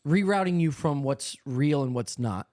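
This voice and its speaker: A man's voice: on the high side, moderate pace. A man riffing crudely and at length in a casual comedy podcast chat. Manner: rambling, crude, deadpan riffs. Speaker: podcast co-host or guest.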